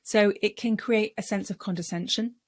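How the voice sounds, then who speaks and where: A woman's voice: medium pitch, fairly even intonation, normal speed, no echo. A middle-aged woman speaking coach giving a patient, explanatory lesson on how the voice works and demonstrating vocal sounds. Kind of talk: instructional talk to camera.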